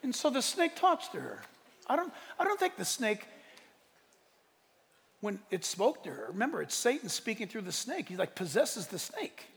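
High voiced guy preaching a sermon, gravelly, lots of joking around, big echoey hall. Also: moderate pace. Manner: animated preaching with jokes and acted-out voices. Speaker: pastor. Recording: hall reverb.

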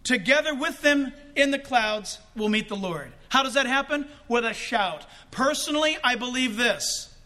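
High, bright-voiced animated male preacher. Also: normal speed. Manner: animated, shouts for emphasis, jokes and laughs. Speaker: pastor. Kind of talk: sermon.

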